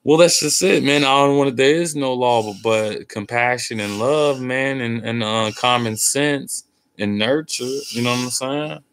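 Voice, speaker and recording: A tired man hosts a casual, rambling monologue, swearing freely and dropping street slang as he meanders along. His mid-range voice is smooth and a bit bright, moving at a moderate pace.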